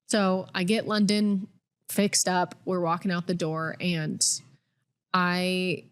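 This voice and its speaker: A woman's voice: fairly low pitch, level tone, slow pace, smooth. A woman in her twenties, a podcast co-host, telling a personal story candidly with lots of "like.". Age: 20s. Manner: candid, filler-heavy with frequent "like".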